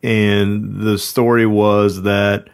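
A man co-hosting a paranormal podcast, telling a story in a slow, meandering way. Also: lowish voice, level tone, gravelly, clear, resonant tone. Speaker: podcast co-host. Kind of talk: casual chat.

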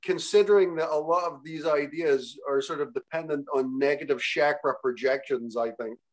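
A man's voice: on the high side, normal speed. Rambling, hesitant man interviewer. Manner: rambling, hesitant, many fillers and restarts. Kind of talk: casual conversation.

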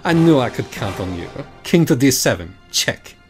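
A man's voice: medium pitch, very animated, moderate pace, faint music behind, pitched above the performer's own voice. A man voicing a sly, defiant German soldier with a thick put-on German accent. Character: sly, gravel-throated German soldier, male.

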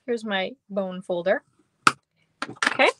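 A woman's voice: medium pitch, slow, background noise. A young woman from Minnesota, chatty and upbeat, demonstrating card-making on a live stream and reading viewer comments aloud, sounding a bit tired. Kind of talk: live stream craft demo. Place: air-conditioned basement.

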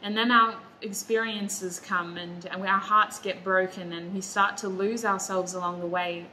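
A woman giving a pick-a-card tarot reading, warm and reassuring, close to tears at times. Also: medium pitch, fairly even intonation, a little slow, slight background noise, low-quality recording. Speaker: tarot reader.

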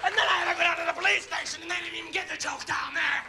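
A man's voice: very high-pitched, racing, gravelly, loud music behind the voice. A man doing a live stand-up set on stage, veering from strained yelps to mumbled asides. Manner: yelping, strained outbursts between mumbled asides. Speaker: stand-up comedian. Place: stage in front of a live audience. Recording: noisy VHS concert recording with crowd. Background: audience laughter and crowd noise.

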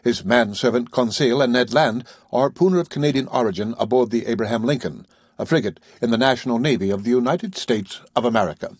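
A man reading the lines of an aloof, commanding ship's captain in an audiobook, calm, measured and penetrating. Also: medium pitch, breathy edge, no echo, clean studio sound, natural voice.

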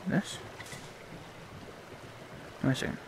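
A young man giving let's-play commentary on a game he has waited for, excitable and cheering on his character. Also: slow, noisy background. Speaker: YouTube gamer.

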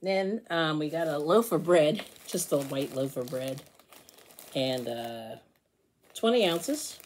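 A woman with a low voice that swings widely in pitch chats through a casual grocery haul vlog, giggling and apologizing as she goes. Faint background noise and the crinkle of packaging sit under her voice. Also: dark tone. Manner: giggly, chatty, keeps apologizing for laughing. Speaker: channel host.

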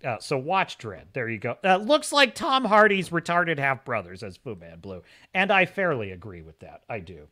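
Lively, bright-voiced male stream host. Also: medium pitch, normal speed, few pauses. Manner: opinionated, emphatic, repeats himself. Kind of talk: casual livestream commentary.

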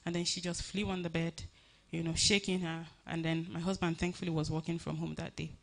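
A woman giving a personal tribute at a funeral service, telling her story earnestly with many halting restarts. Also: on the low side, flat delivery, gravelly.

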